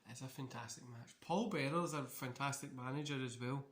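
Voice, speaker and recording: A man's voice: medium pitch, fairly quick. A man hosting a casual wrestling watch-along, talking in a loose, rambling way. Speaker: wrestling channel host. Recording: echoey room.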